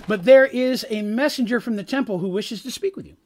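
A man's voice: high voice, brisk, pitched above the performer's own voice, natural voice. A man voicing a courteous ship's crewman who addresses his captain politely.

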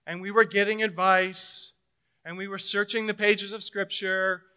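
A middle-aged pastor preaches a sermon built around a personal story, alternating between loud emphasis and hushed, intimate moments. His voice is high-pitched, clear, and resonant.

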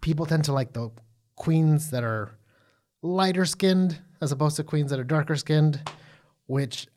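A man co-hosting a casual recap chat, animated and profane, full of fillers and restarts. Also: fairly high pitch, measured pace. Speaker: podcast co-host.

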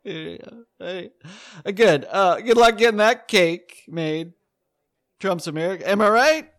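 A man's voice: sits high, unhurried, fairly bright tone, dry recording, studio quality. A man doing an awkward stand-up set on a club stage, rambling and hesitant with many fillers and nervous laughs. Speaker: stand-up comic.

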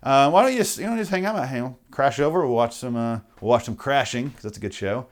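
A man voicing two awkward male buddies from a fast-food car commercial, chatting sheepishly. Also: medium pitch, animated, natural voice. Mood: coaxing.

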